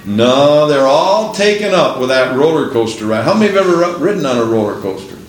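A man preaching a Pentecostal sermon who builds to excited exclamations and breaks into laughter. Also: mid-range voice, fairly quick, echoey room, slight background noise.

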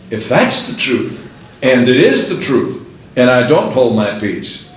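A man preaching a Pentecostal sermon who builds to excited exclamations and breaks into laughter. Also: medium pitch, takes it slowly, roomy sound.

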